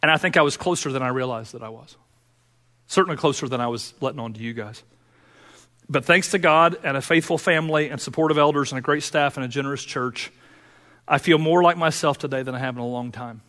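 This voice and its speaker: A man preaching a sermon as pastor of his church, earnest, moving between fervent urging and quiet personal confession. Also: medium pitch, fast talker. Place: church sanctuary. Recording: long hall reverb.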